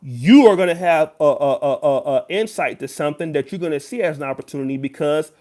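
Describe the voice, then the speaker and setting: A man with a raised, high-pitched speaking voice delivers a YouTube commentary. He talks straight to his viewers in an emphatic, lecturing way, leaning on each point. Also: brisk, darkish tone. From United States. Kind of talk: direct-to-camera commentary.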